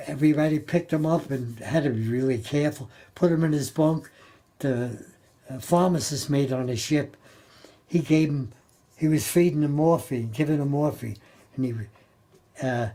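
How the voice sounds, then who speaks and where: An older man recalling his time as a Navy sailor in a halting, plain-spoken way, often repeating and restarting his words. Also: mid-range voice, mellow. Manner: plain-spoken, colloquial grammar. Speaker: Navy veteran interviewee. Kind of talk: oral history storytelling.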